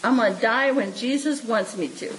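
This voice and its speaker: Folksy high-voiced woman in her seventies preaching. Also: moderate pace, slight background noise, poor audio. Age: 70s. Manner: homespun, chuckling, repeats for emphasis; addresses listeners like family. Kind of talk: folksy devotional sermon.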